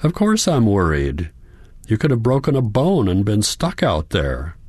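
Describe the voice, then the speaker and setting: A man's voice: fairly low pitch, huge pitch swings, a little slow, a little mellow, no room sound, clean studio sound, pitched above the performer's own voice, exaggerated voice. A man reading the part of a worried, caring young granddaughter in an audiobook, with an earnest, pleading manner.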